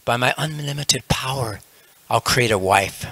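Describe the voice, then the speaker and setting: A man's voice: medium pitch, measured pace, vocal fry, pushed and bright, husky, no echo, exaggerated voice. A man voicing an exasperated grumbling yogi. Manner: grumbling, put-upon. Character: fussy male yogi, easily exasperated.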